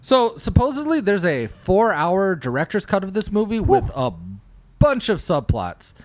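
A man co-hosting a podcast, chatting casually about a movie in an animated, jokey way and often stumbling over his words. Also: high voice, moderate pace, no room sound. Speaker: podcast co-host.

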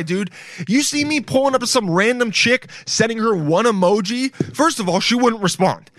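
A man's voice: high voice, animated, normal speed, fairly bright tone, no echo, studio quality. A man hosting a podcast, riffing in casual comedic commentary, rambling, swearing and calling the listeners "dude". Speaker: podcast host.

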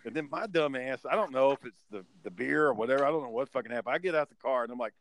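A man's voice: medium pitch, racing, a little hiss or hum. A man telling a rowdy story in casual chat, swearing freely and acting out what people said. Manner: profane, animated storytelling with acted quotes. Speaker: storyteller guest.

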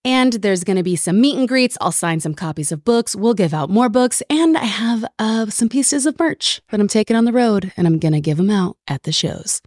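A woman's voice: medium pitch, lively intonation, normal speed, hardly any pauses, a little mellow. A woman in her thirties hosting a podcast in a chatty, bubbly way, rambling with lots of filler words. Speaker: podcast host.

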